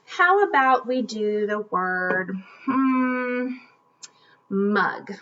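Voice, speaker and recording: A woman teaching a children's phonics lesson, speaking upbeat and clearly enunciated, in a slightly muffled home video recording. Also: medium pitch, expressive, very slow, a bit bright.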